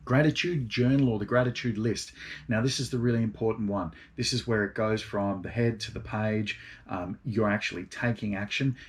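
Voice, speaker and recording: A middle-aged man with a fairly low voice talks about gratitude the way a yoga teacher would. His delivery is relaxed and meandering, and it drifts through plenty of ums and uhs. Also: moderate pace. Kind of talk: casual spoken talk on gratitude.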